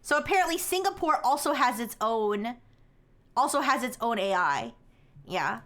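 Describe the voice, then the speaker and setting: A woman's voice: fairly high pitch, big pitch swings, moderate pace, fairly bright tone. A young woman chatting casually on a live stream, rambling with many restarts and frequent laughter.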